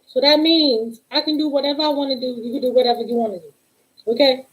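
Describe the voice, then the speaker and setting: A woman hosting a casual live stream, telling a story in a sassy, animated way and quoting the other side of the exchange. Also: high-pitched, fast talker, rough recording. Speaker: tarot reader and live-stream host.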